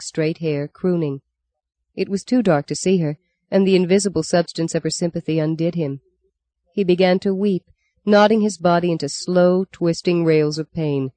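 A narrator reading a novel aloud in a measured, expressive way. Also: mid-range voice, no room sound. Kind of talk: audiobook narration.

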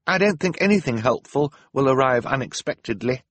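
A man voicing a tearful teenage girl who speaks softly and sadly. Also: mid-range voice, lively intonation, fairly quick, no echo, pitched above the performer's own voice.

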